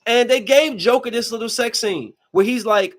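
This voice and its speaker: A man hosting a podcast, giving a casual, slangy movie review with emphatic rants and quick asides. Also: extremely high pitch, a bit bright. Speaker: podcast host.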